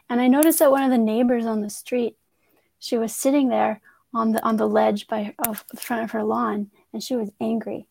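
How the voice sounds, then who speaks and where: A woman's voice: fairly high pitch, creaky, darkish tone. A woman who works as a transformative coach, earnestly telling a personal story in a conversational way, often restarting her sentences.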